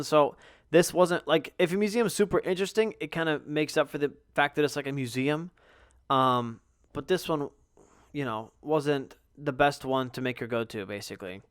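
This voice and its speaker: A young man hosts a podcast, telling a long, wandering story full of swearing in a relaxed way while yawning and sounding worn out. His voice is fairly high and fairly bright, clear and resonant, recorded in a clean studio with no echo.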